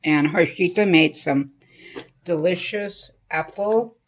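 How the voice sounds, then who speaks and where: A woman's voice: lowish voice, slow pace. A woman vlogger chatting casually with family over dinner at home, fond and talkative.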